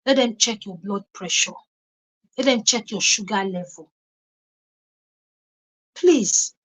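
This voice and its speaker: A woman's voice: medium pitch, slow pace, a bit bright, rough recording. A young Nigerian woman hosting her own channel, talking casually on a live stream and breaking into pidgin exclamations and laughter as she tells stories. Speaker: YouTube reaction channel host.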